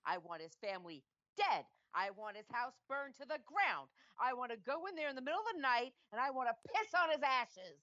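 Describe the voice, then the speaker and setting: Menacing male crime boss, vengeful and rushed, a woman putting on the voice; lo-fi and dry. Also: sits high, sing-song, sharp tone, dry recording, pitched above the performer's own voice, heavily acted. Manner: vengeful threats, rising and rushed. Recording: dull lo-fi dry sound.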